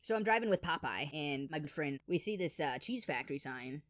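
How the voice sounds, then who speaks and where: A man telling funny childhood stories in an animated, exaggerated voice-over. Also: on the high side, brisk, no room sound, studio quality. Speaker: storyteller. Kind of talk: animated comedic storytelling.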